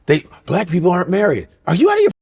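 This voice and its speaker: Middle-aged guy on a podcast going off, swoopy lively voice, loud disbelieving bursts. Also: high-pitched, racing, gravelly, husky. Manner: animated, ranting, incredulous outbursts. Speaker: podcast co-host. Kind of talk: casual comedic chat.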